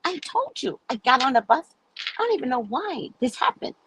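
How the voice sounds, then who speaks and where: Animated, profane woman telling stories. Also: high voice, moderate pace, a little hiss or hum, rough recording. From United States. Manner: animated, profane, acts out quoted voices. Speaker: livestream host. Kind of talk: casual storytelling chat.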